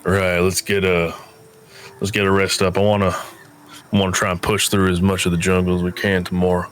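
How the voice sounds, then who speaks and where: A man's voice: deep voice, level tone, a little fast, fairly bright tone, a little hiss or hum. A man playing a tabletop game, casually narrating his character's actions and joking between lines. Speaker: player. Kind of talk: tabletop role-play with narration.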